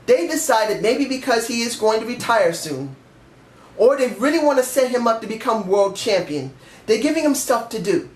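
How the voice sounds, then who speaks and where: A man's voice: very high-pitched, animated, normal speed. A man giving a rambling, emphatic and candid casual review of a wrestling show. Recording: echoey room.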